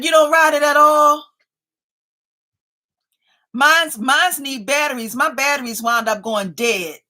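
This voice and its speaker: A woman's voice: sits high, sharp tone. A woman in her fifties hosting a live stream, chatting casually and laughing often as she reads viewer comments aloud. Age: 50s.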